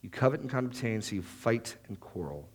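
A man's voice: medium pitch, big pitch swings, a little fast, breathy edge. A married man preaching a sermon, acting out the prayers and excuses he quotes. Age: adult, married. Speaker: pastor.

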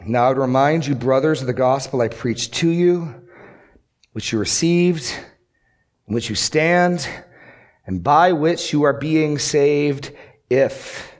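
A male pastor preaching an earnest sermon, asking rhetorical questions and repeating key lines for emphasis. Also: medium pitch.

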